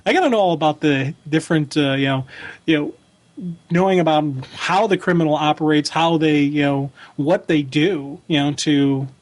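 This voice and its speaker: A man's voice: fairly high pitch, normal speed. A man co-hosting a fan podcast, talking in a casual, rambling way with lots of fillers and restarts. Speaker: podcast co-host. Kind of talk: casual chat.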